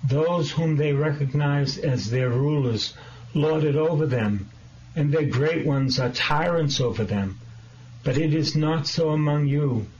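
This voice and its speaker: A male priest delivers a sermon at a deliberate, unhurried pace, earnest and emphatic. The recording sounds dull and lo-fi, with a faint hiss underneath. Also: a little high, a little mellow. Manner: slow, earnest preaching with emphatic questions.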